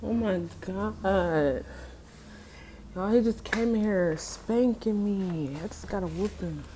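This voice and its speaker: A woman vlogger chatting casually in slang while eating on camera, with a relaxed, chatty manner. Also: medium pitch, takes it slowly, background noise. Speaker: mukbang vlogger. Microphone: mic clipped near her.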